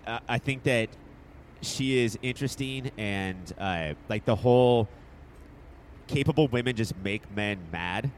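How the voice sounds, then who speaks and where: A man riffs through a casual movie review chat, cracking jokes and swearing as he goes. He stumbles over restarts and keeps the talk loose. A faint hiss sits under his voice. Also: fairly low pitch. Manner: jokey, swears freely, many restarts. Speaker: podcast co-host.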